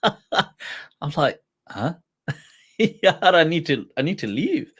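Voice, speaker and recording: Animated man telling a personal story. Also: on the high side, takes it slowly, slightly rough. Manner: animated, laughs often, acts out quoted voices. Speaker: host. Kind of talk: casual storytelling talk.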